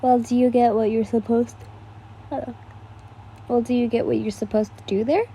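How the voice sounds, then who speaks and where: A woman voicing a shy, hesitant young boy in a fan story reading, halting as he speaks. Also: fairly high pitch, little pitch movement, dark tone, a little hiss or hum, close to an everyday voice.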